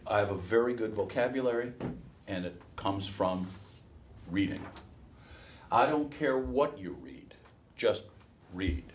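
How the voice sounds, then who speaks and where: A middle-aged man from Chicago with a softened Midwest accent and a flat nasal tone, talking loosely to a workshop audience with many fillers and restarts. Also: lowish voice, measured pace, long pauses, slight background noise. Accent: softened Midwest American. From Chicago, USA. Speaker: race caller giving a workshop. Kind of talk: casual talk to a workshop audience.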